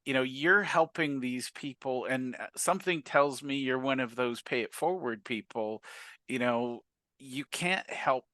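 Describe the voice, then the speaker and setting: A man's voice: medium pitch, measured pace, pushed and bright, no echo. A man hosting a podcast interview, reflecting loosely on his guest's story and affirming it. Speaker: podcast host. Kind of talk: casual interview chat.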